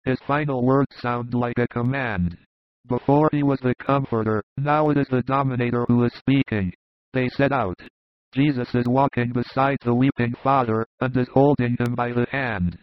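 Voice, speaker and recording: A man giving measured, descriptive narration of a religious story as an audiobook reader. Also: mid-range voice, steady tone, dry recording. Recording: dull lo-fi recording.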